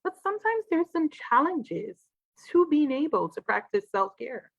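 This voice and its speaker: Lively woman giving a livestream talk. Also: high voice, unhurried, creaky, no room sound, lo-fi sound. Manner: lively, animated, acts out quoted voices. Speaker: trauma expert giving a talk.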